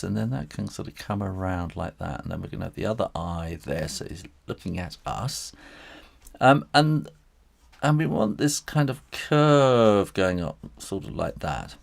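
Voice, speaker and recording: A middle-aged author and illustrator thinks aloud through a live drawing tutorial, hesitant and rambling, with little chuckles. His voice is medium-pitched and gravelly.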